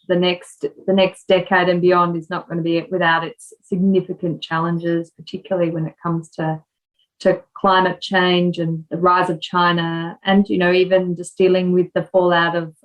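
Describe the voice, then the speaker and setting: A woman interviewing a guest, her voice on the low side and flat in pitch. She speaks thoughtfully and hesitates now and then. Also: low-quality recording. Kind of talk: interview conversation.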